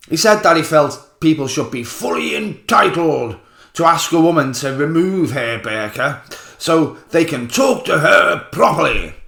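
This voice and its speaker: A man's voice: fairly high pitch, fairly bright tone. Sweary man ranting. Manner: angry, sarcastic, sweary. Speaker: political commentator. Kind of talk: ranting political monologue. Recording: roomy echo.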